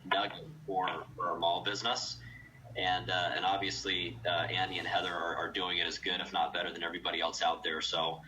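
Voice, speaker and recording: Male team lead, deep voice, halting with fillers, distant muffled audio. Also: little pitch movement, pushed and bright. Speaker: team leader. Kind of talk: casual meeting praise. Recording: distant, dull audio with faint noise.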